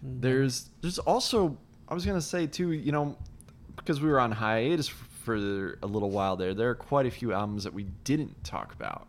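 A man's voice: mid-range voice, big pitch swings, normal speed. A man co-hosting a podcast in casual chat, rambling and laughing often. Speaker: podcast co-host.

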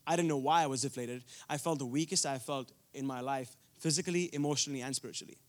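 A man's voice: mid-range voice, fast. A young man from India preaching a sermon, telling a personal story earnestly, with frequent restarts.

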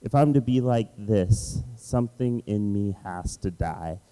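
A man with a low, dark, mellow voice gives a sermon. He tells a story about himself with lively storytelling and plays up his own frustration. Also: measured pace, low-quality recording. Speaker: pastor. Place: Washington, D.C.

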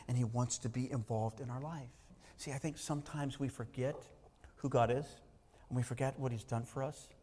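A man's voice: medium pitch, darkish tone, in a large hall, a little hiss or hum. A man preaching a sermon in an emphatic way, often repeating words for stress. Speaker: pastor.

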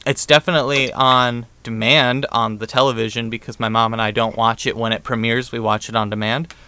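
A young man talking casually in a sincere, slightly halting way. His voice is bright and crisp, and it sounds close to the mic with little room around it. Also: mid-range voice, flat delivery, no room sound. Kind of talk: casual chat.

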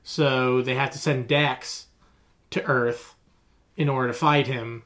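A man's voice: medium pitch, fairly even intonation, slow, fairly bright tone. A man co-hosting a casual podcast chat, explaining the backstory between laughs. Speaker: podcast co-host.

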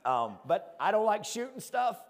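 Pastor, male, country accent, fairly high voice, punchy casual sermon delivery. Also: sing-song, normal speed, long reverb tail. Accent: rural American country. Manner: fired-up, self-deprecating, keeps asking "right?". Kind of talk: conversational sermon.

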